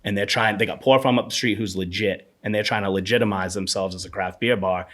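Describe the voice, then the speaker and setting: Man, 30s, slightly low voice, casual podcast guest, animated rambling storyteller. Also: fast talker. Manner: animated, rambling anecdotes with frequent fillers.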